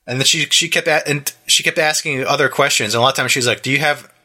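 A man in his thirties chats casually with a bright, forward tone. He rambles through a story, full of "like" and restarts, slipping into quick impressions of the people he met. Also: mid-range voice. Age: 30s. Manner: rambling storyteller, many fillers and restarts, acts out quotes. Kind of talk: casual chat.

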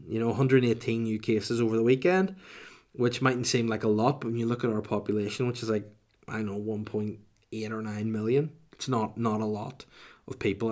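A young adult man with a Northern Irish accent, a comedian ranting to camera in a rambling, sweary way full of asides. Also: medium pitch.

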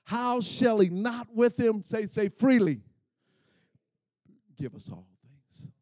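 A middle-aged man preaching a sermon, calling for responses from the congregation and swelling into shouts. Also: high voice, animated, slow, no room sound.

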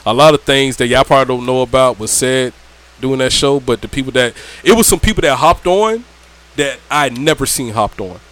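A young man, telling animated, profane stories with friends on a podcast. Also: medium pitch, fairly quick. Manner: animated, laughing, profane, slangy, lots of "right?". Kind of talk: casual storytelling chat. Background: friends talking in the background.

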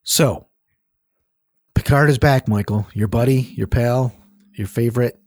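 A man co-hosting a casual podcast, halting and joking as he steers the conversation. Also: medium pitch, a little mellow, dry recording. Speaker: podcast co-host.

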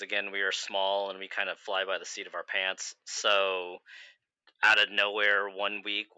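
A man who teaches science, chatting in a relaxed, matter-of-fact way. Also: on the low side, smooth, no room sound, rough recording. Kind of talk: casual chat.

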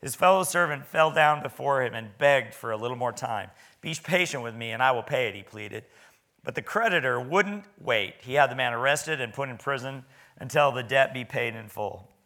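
A man's voice: medium pitch, lively intonation, moderate pace, bright, forceful tone. A man preaching a sermon in a church, talking in a folksy, conversational way with stammering restarts.

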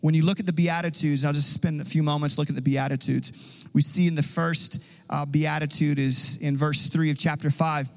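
A man's voice: fairly high pitch, flat delivery, a little fast, long reverb tail, rough recording. A man preaching a sermon as pastor, earnest and conversational.

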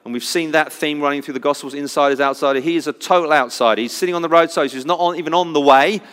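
A man preaching a sermon, swinging from loud cries to hushed, intense moments. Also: a little high, fast, clean tone, in a large hall.

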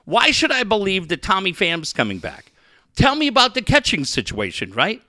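A man's voice: high-pitched, very animated, moderate pace, sharp tone, dry recording. A man co-hosting a sports podcast, ranting heatedly and swearing constantly. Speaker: podcast co-host. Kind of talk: profane sports radio rant.

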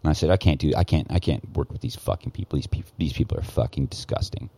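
A man's voice: extremely low pitch, fast, gravelly, mellow, no room sound. A man telling a story in casual podcast talk, heated and profane, often restarting his sentences. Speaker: guest, former news cameraman.

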